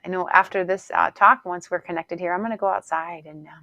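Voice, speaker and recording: Spiritual podcast host, woman, lowish voice, gentle affirming delivery, dry close sound. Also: steady tone, fast talker, no room sound. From Northern Hemisphere. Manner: soft, breathy affirmations with frequent laughs and repetitions. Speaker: podcast host and Psych-K instructor. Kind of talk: gentle motivational spiritual talk.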